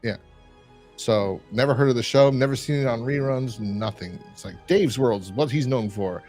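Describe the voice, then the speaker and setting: Podcast host, man, mid-pitched, loose casual rambling recap delivery. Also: normal speed, a little mellow, soft background music. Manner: rambling, lots of fillers and "like". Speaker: podcast host reviewing a horror episode. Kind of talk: casual chat.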